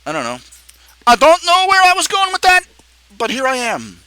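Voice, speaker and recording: A man's voice: very high voice, huge pitch swings, normal speed, sharp tone, dry recording. A man chatting on a live stream as a comic artist, rambling and joking in a made-up accent. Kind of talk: casual live-stream chat.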